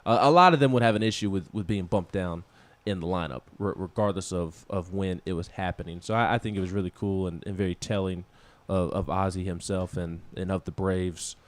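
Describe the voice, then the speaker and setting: A man's voice: sits low, brisk, hardly any pauses, no room sound. A man co-hosting a casual sports talk show, rambling with many restarts and laughing at himself. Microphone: studio microphone.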